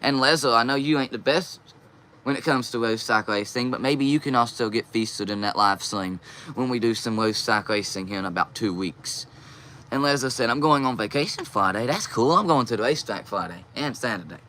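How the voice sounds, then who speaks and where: Bright-voiced young man. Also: medium pitch, lively intonation, a little fast, slight background noise. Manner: reads viewer comments aloud and answers them. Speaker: live stream host. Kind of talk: casual live stream chat, reading comments.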